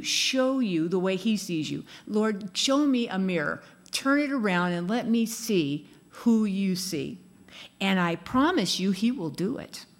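A woman giving a casual sermon, chatty and laughing, acting out little quoted lines as she goes. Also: mid-range voice. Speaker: speaker giving a devotional talk.

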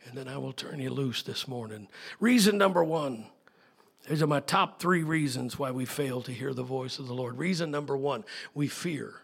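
A middle-aged man preaching a sermon as pastor, emphatic, swinging from soft to loud. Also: mid-range voice, moderate pace, gravelly, husky.

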